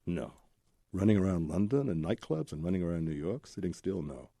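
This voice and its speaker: A man with a low, very dark and mellow voice tells his life story as an interview guest. His tone is husky and breathy, recorded close and dry. He talks candidly and rambles through long tumbling lists. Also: sing-song, a little fast, no room sound. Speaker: guest, Zen Buddhist teacher.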